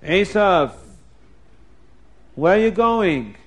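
A man voicing fierce angel generals who challenge and command in loud shouts. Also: high-pitched, very animated, takes it slowly, voice pushed up, heavily acted. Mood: angry. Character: army of mighty angels, male generals, fierce.

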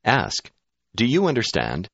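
A man giving scripted narration for a language course, prompting the listener in a clear, measured way. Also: on the low side, huge pitch swings, a bit bright, no room sound. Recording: dull, dry studio audio.

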